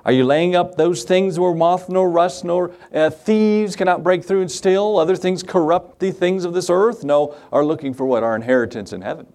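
A man's voice: high voice, normal speed, few pauses, darkish tone. A man pastor delivering a sermon, emphatic, posing questions and answering them himself. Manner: emphatic, asks and answers his own questions.

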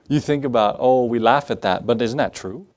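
A man's voice: mid-range voice, a little mellow. A man, a pastor, giving a conversational sermon with laughs and acted asides. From United States.

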